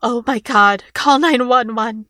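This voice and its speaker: A woman's voice: fairly high pitch, a little slow, fairly bright tone, no room sound, studio quality. A woman reading the lines of a protective, caring mother figure with an urgent, alarmed manner, in a storybook reading. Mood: frantic.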